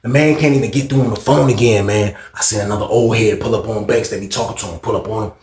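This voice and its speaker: A man's voice: lowish voice, fairly even intonation, darkish tone, echoey room, a little hiss or hum. A man telling a story in casual, slangy street talk, full of asides to his listeners. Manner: slangy, drawn-out street talk with lots of fillers.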